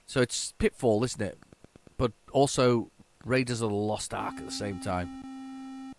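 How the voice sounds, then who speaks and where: A man giving casual, excitable, self-mocking commentary while playing an old computer game. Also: lowish voice, moderate pace, no echo. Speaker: retro game tape reviewer.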